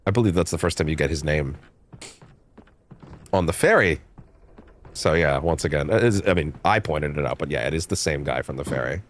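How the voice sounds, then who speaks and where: A man's voice: a bass voice, lively intonation, brisk, long pauses, slight background noise. A man streaming a game, giving rambling, self-interrupting casual commentary and swearing freely. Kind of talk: casual let's-play commentary.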